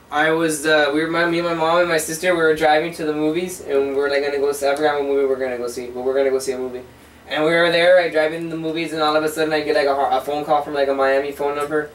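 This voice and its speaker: A man in his twenties telling rambling, profane stories in casual chat with a friend. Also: a little high. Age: 20s. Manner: rambling, profane, animated retelling. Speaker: co-host. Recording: echoey room from far off, faint hiss.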